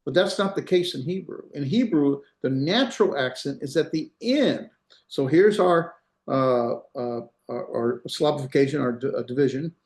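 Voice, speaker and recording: A man's voice: mid-range voice, expressive, moderate pace, a little mellow. Man teaching a class in an echoey room. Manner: patient, explains step by step, repeats words for pronunciation. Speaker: Hebrew instructor. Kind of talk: online lecture. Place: room, on a video call. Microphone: video call.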